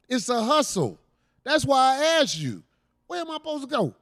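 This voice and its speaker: High-voiced man joking profanely on a podcast. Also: wildly swooping pitch, moderate pace, a bit bright, no echo, studio quality. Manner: loose, profane, teasing storytelling with heavy slang. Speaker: comedian podcast host. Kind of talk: casual comedic banter.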